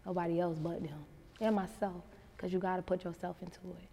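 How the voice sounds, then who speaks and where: A woman's voice: on the low side, a little fast, big-room sound. A woman from Miami with a Miami accent, a guest telling stories in a casual interview, acting out what people said. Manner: animated storyteller acting out quotes.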